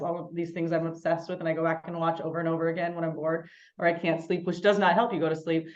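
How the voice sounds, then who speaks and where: A woman co-hosting a podcast, an animated storyteller in casual chat. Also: low voice, lo-fi sound. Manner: animated storyteller, quick and chatty. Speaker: podcast co-host.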